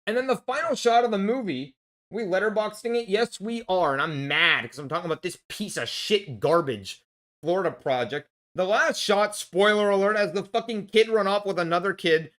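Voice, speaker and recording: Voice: medium pitch, moderate pace, fairly bright tone. A vlogger ranting in a casual film review, angry and blunt, swearing heavily and restarting when worked up.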